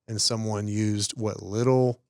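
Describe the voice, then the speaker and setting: A man with a lowish voice talks earnestly on a podcast, warmly affirming what others say. The recording is dry and close. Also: level tone, measured pace, clean tone, no room sound. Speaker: podcast co-host. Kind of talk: casual podcast conversation.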